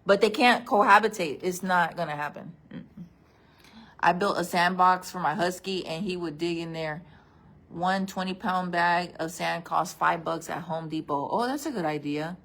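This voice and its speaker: A woman's voice: fairly low pitch, normal speed, a bit bright. A woman chatting casually on a livestream, telling a story and calling her viewers friends. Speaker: vlog host. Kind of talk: casual livestream chat reading comments.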